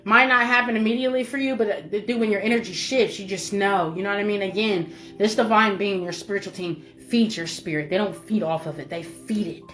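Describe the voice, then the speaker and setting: A woman's voice: mid-range voice, steady tone, a little fast, few pauses, fairly bright tone, soft background music. A woman delivering a spiritual message to her viewers, emphatic and repetitive, swearing freely and calling the listener baby. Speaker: spiritual reader.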